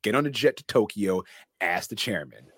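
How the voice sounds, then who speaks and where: Man reading out cornered male executive, protesting, defiant, low voice, dry sound. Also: lively intonation, normal speed, fairly bright tone, husky, dry recording. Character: indignant male corporate executive under threat.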